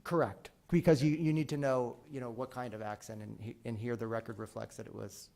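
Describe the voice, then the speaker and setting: A man arguing an appeal before a panel of judges. His voice is gravelly and full of vocal fry. He speaks in a measured way and fills pauses with ums. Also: mid-range voice, fairly even intonation, darkish tone. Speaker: defense attorney. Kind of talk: oral argument.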